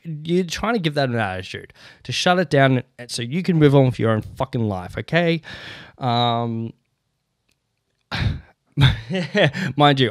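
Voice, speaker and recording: A man tells stories on his own podcast, casual and profane, laughing often and getting fired up as he goes. His voice sits at an ordinary middle pitch. The sound is close and dry, with almost no room in it. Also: no room sound. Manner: swears a lot, laughs between lines, animated rants. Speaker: podcast host. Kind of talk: casual solo podcast storytelling.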